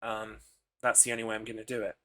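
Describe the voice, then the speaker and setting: A man's voice: fairly low pitch, monotone, fast talker, pushed and bright. A man streaming a horror game live, chatting casually in a rambling, crude, joking way with plenty of fillers.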